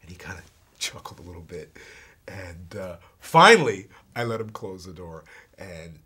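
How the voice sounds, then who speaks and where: Low-voiced man telling a story. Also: lively intonation, sharp tone, husky. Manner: halting, repeats and restarts words. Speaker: actor. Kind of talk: storytelling interview answer.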